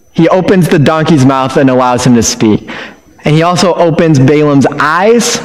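A man's voice: on the high side, reverberant, long reverb tail, rough recording. A man talking casually through a Bible passage, joking and restarting his sentences as he reflects. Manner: conversational, joking, with frequent restarts. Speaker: Bible teacher.

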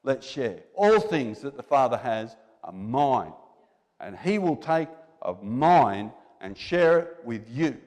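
A male preacher with a medium-pitched, darkish voice speaks slowly, his pitch swinging widely, as he delivers a sermon in a church hall. His tone is conversational while he exhorts the congregation and poses rhetorical questions, all carried by long reverb.

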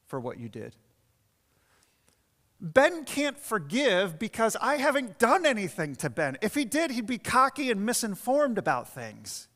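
A man preaching a sermon as pastor, telling stories and then driving home his points with emphasis. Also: sits high. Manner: storytelling preacher, shifts between quiet asides and emphatic points. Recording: long reverb of a church hall.

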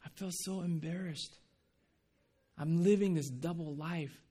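A man's voice: fairly high pitch, a little slow, warm tone, slightly rough. A man preaching a sermon, telling a personal testimony in an earnest, conversational way, with frequent restarts and light laughs. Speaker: pastor.

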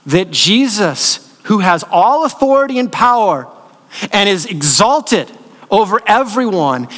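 High-voiced male pastor preaching in reverb. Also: a bit bright. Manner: asks the audience questions and answers them; conversational storytelling with fillers. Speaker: lead pastor. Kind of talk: sermon.

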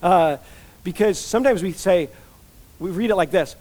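Higher-pitched man preaching casually. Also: moderate pace, darkish tone. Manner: casual, chatty delivery with frequent "like" and "you know" asides. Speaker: pastor. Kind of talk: conversational expository sermon.

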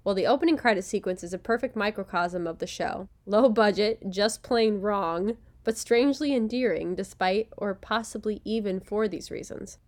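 A woman's voice: medium pitch, normal speed, hardly any pauses. Wry, laughing woman reading her review. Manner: wry and sarcastic, laughs often, stumbles and restarts reading. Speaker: podcast host reading a review script. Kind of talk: casual recorded commentary read from a script.

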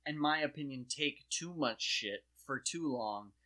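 A man co-hosting a casual political chat, talking in an animated, rambling, profane way. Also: on the high side, unhurried.

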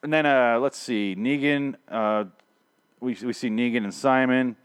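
A man's voice: medium pitch, fairly even intonation, measured pace, smooth. A man hosting a casual TV review podcast, rambling and swearing freely, often stammering and restarting his sentences.

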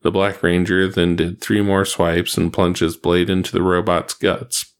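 A man narrating an action story aloud in a steady, plain reading voice. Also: low voice, a little slow, clean tone. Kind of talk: reading fan fiction aloud.

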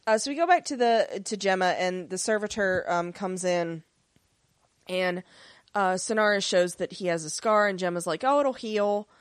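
A woman's voice: on the low side, moderate pace, clear, resonant tone, dry recording, studio quality. Rambling woman recapping a TV episode. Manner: rambling, many fillers, acts out character lines. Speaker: podcast co-host. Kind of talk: casual episode recap chat.

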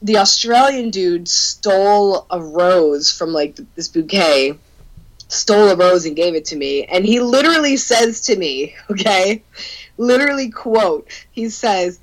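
A young adult woman telling a story in casual chat, animated, laughing often, swearing and peppering her talk with "like.". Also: medium pitch, a little slow, poor audio.

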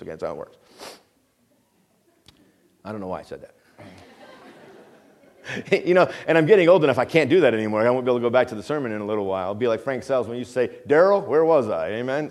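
A middle-aged pastor in a church gives a conversational sermon at a mid-range pitch. He talks calmly and plainly, often sinking to a quiet, low voice, repeating phrases and checking in with his listeners. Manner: calm, measured, often drops to a quiet low voice; asks the congregation questions and repeats phrases. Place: church sanctuary.

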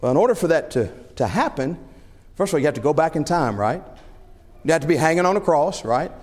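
A middle-aged male preacher with a high, lively voice that leaps up and down as he drives his points home. He talks through rhetorical questions and acts out little scenes. His voice rings through a church hall with a long reverb tail. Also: fast talker. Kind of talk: sermon.

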